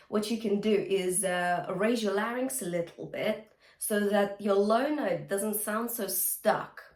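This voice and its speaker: A woman vocal coach giving a chatty, encouraging singing lesson, breaking into short sung demonstrations. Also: mid-range voice. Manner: encouraging, chatty teacher who breaks into song. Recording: roomy sound with faint guitar music.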